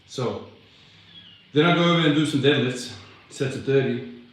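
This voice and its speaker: Between heavy lifting sets in his home garage, a young fitness vlogger chats casually and answers live comments, out of breath, laid-back and swearing as he rambles. His mid-range voice moves at a moderate pace, recorded from far off in a very echoey garage.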